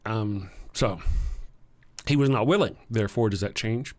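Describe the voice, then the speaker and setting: Rambling Texan man hosting a livestream. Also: lowish voice. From Texas. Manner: rambling, halting, with restarts and chuckles. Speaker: livestream host. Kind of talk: casual livestream chat, reading viewer comments.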